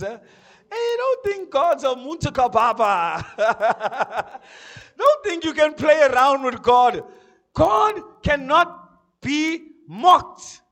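A male pastor, preaching a sermon. He swings from loud proclamations to quiet asides and keeps asking the congregation questions. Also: very high-pitched, very animated, slow. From South Africa.

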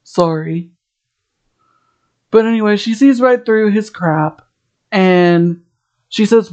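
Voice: medium pitch, takes it slowly, long pauses, a little mellow, lo-fi sound. A podcast host in a casual episode recap, rambling and chatty, full of "like" fillers and restarts.

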